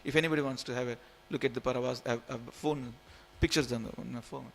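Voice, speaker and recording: A man in his forties, originally from India, leads an informal, jokey scripture class in a temple hall, repeating phrases and coaxing his listeners along. His mid-range voice is creaky, quick-paced and fairly even in intonation.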